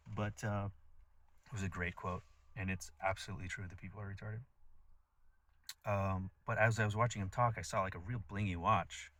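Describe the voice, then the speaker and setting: A man with a very low voice talks straight to his listeners in a loose, wandering monologue. He is blunt and swears freely, circles back on his points, and leans on many "like"s and "um"s. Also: flat delivery, moderate pace, long pauses, sharp tone, no echo. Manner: rambling, blunt and profane, with many fillers. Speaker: vlogger. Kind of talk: casual spiritual monologue.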